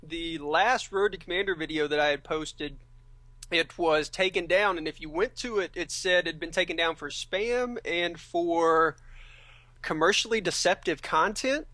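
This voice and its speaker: Bright-voiced man talking while eating. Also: a little high, measured pace, no echo. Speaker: guest, gaming commentator. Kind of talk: casual podcast chat.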